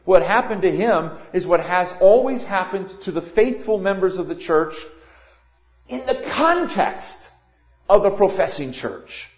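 An older man preaching a sermon, swinging between loud emphatic lines and quiet asides. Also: sits high, big pitch swings, a little slow. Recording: echoey room, dull lo-fi sound.

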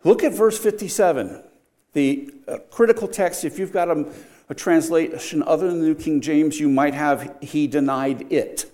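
An older man, a pastor, preaching a sermon with wry humor and sharp swings between loud emphasis and quiet, earnest moments. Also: on the high side, moderate pace.

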